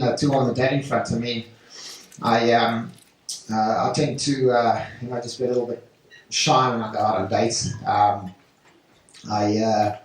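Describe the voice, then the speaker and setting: A man doing a stand-up set on a club stage, talking haltingly with lots of fillers. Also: medium pitch, darkish tone. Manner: halting delivery with many fillers. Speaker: stand-up comedian. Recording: echoey club from a distant mic.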